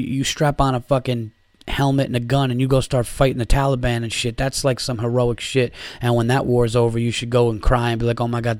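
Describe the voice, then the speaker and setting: A man's voice: medium pitch, darkish tone, no room sound. Ranting, sarcastic sports podcast man. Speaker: podcast host. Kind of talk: casual sports rant.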